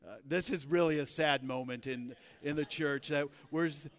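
A man preaching a sermon in a church, reading scripture aloud and telling the story with playful, animated asides. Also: a little high, normal speed. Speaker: pastor. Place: church sanctuary. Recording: long hall reverb.

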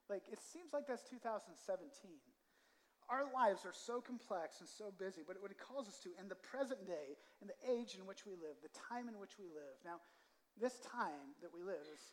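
Male pastor, high-pitched, casual preaching style with repetitions and "right?", recorded in a large church with long reverb. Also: slight background noise. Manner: conversational, repeats words, asks the room "right?". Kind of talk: sermon. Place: church sanctuary.

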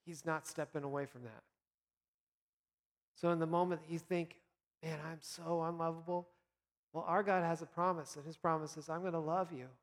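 A man speaking as a pastor, giving an earnest, encouraging devotional talk for Lent with gentle pauses. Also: on the high side, fairly even intonation, in a large hall.

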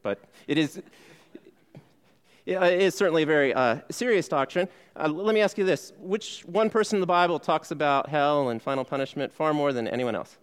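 A man's voice: a little high, lively intonation, fairly quick, clean tone. Conversational male pastor preaching. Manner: conversational, asks the congregation questions and answers them; frequent "okay" fillers and restarts. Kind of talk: sermon.

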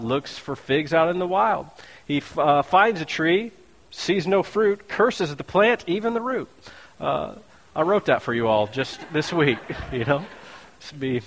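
A man preaching a sermon in a joking, conversational way, full of quick asides. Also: a little high, fairly bright tone. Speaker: pastor. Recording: long hall reverb.

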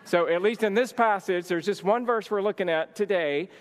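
Male minister with a high voice, a casual storyteller in a church hall with long reverb. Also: normal speed. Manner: lively storyteller, many "like" fillers. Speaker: church minister teaching a marriage session. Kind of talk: storytelling sermon.

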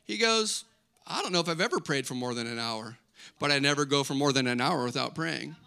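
This middle-aged man preaches as pastor at a slightly fast clip, his medium-pitched voice carrying vocal fry. The sermon is conversational and lively, with questions for the congregation and joking asides.

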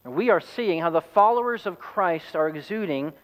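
A man's voice: high voice, lively intonation, normal speed, low-quality recording. A man, a pastor, preaching a sermon in a conversational, storytelling way. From United States.

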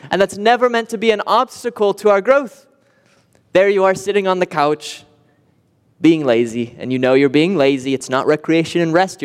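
A man's voice: high-pitched, long reverb tail. A man preaching a sermon earnestly, with vivid imagery and rhetorical repetition. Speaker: pastor.

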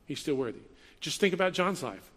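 A man's voice: fairly high pitch, lively intonation, a little fast, fairly bright tone, big-room sound. A man giving a sermon as a pastor, speaking in a conversational style with emphatic repetition.

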